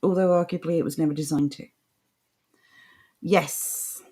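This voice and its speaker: A woman's voice: sits low, steady tone, a little slow, dark tone, husky. A woman co-hosting a casual opinion podcast, blunt and scornful, laughing often as she talks and reads aloud. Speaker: podcast co-host. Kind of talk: casual opinionated chat, reading an article aloud.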